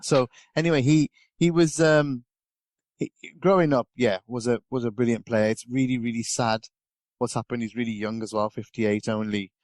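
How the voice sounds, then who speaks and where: A man's voice: mid-range voice, steady tone, moderate pace, darkish tone, no echo. A man chatting casually as a podcast pundit, rambling with lots of fillers and restarts. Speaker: guest pundit.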